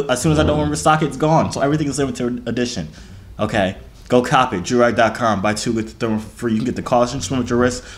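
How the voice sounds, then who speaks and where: A man in his twenties hosting a casual vlog, hyped and joking, full of street slang. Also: medium pitch. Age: 20s. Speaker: video host.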